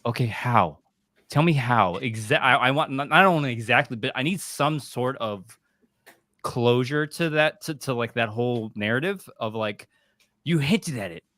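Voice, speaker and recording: A man co-hosting a podcast, speaking in a halting way and searching for words. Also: medium pitch, animated, a bit bright, no room sound. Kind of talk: casual live discussion.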